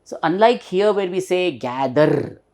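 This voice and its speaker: Indian English man, teacher; slow, lively pitch, spells out words and repeats them patiently. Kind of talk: recorded pronunciation lesson.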